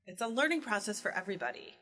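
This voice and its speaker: Co-host: middle-aged woman, lively storyteller who acts out quotes, with faint music behind her. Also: medium pitch, very fast, low-quality recording. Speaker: podcast co-host. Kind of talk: casual chat.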